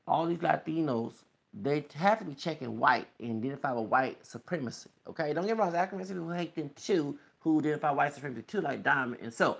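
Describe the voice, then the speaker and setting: A man's voice: a little high, fast talker, gravelly, slightly rough. A man delivering a heated, rambling vlog rant to camera, pressing each point home with a repeated "okay?". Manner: insistent, repeatedly tags sentences with "okay?". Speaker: video blogger. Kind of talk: heated ranting monologue. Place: Texas.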